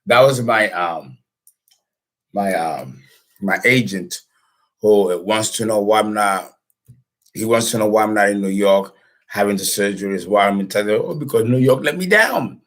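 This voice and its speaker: Low-voiced rambling male astrologer. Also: normal speed, low-quality recording. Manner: rambling, with many fillers and restarts. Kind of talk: casual lecture and phone call.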